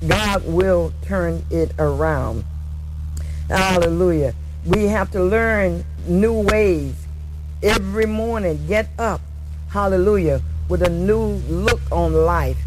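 A man preaching a sermon in a slow, measured way, often saying hallelujah and sometimes drifting into a sing-song lilt. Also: sits high. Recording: noisy background hiss.

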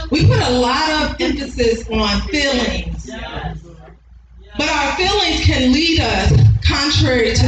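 High-voiced woman preaching in an echoey hall. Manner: emphatic, repeats key lines, chuckles between points. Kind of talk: sermon. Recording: echoey hall, distant mic, music underneath.

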